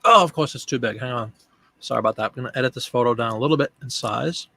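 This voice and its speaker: A man's voice: mid-range voice, quick pace, vocal fry, sharp tone, no echo. A man hosting a casual live stream, thinking aloud as he works and chatting with viewers by name. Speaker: live-stream host and online seller.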